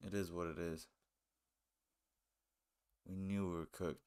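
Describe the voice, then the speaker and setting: Deep, smooth-voiced laid-back stream host. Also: male voice, slow pace, long pauses, a little mellow. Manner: laid-back, repeats phrases. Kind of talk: casual live-stream chat and game commentary.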